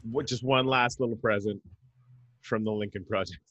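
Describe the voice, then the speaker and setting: A man's voice: lowish voice, fairly even intonation, moderate pace, fairly bright tone, no room sound, lo-fi sound. A man hosting a podcast, chatting loosely and sarcastically with plenty of fillers. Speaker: podcast host. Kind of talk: casual chat.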